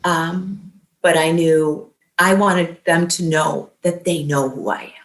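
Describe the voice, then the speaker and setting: A woman guest telling an emotional personal story in earnest, quoting what was said back and forth. Her voice sits a little low, and it carries a roomy echo. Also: fairly even intonation, slow pace. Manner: emotional, earnest, retells events with quoted dialogue. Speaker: interview guest.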